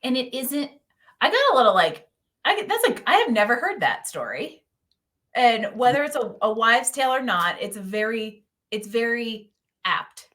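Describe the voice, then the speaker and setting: A woman's voice: a little high, sing-song, normal speed, fairly bright tone. A woman hosting a podcast interview, offering affirming replies and reflective comments. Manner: affirming, short agreeing replies. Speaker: podcast host.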